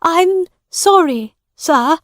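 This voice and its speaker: A shrill, loud market woman who raises her voice slowly in a dry storybook reading, put on by a woman narrator. Her pitch climbs high and swings widely. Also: expressive, dry recording, exaggerated voice. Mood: pleading. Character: poor market woman, quarrelsome then pleading.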